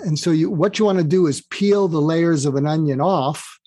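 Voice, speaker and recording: A man's voice: on the high side, a little fast, hardly any pauses, no echo. An older man guest on an interview, explaining advice animatedly and acting out bits of dialogue. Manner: animated, acts out quoted dialogue. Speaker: guest author.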